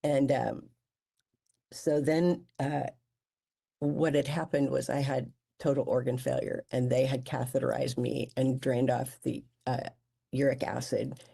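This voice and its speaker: A guest telling a personal near-death story in a halting way, with many restarts and stammers. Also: medium pitch, little pitch movement, gravelly, warm tone, husky.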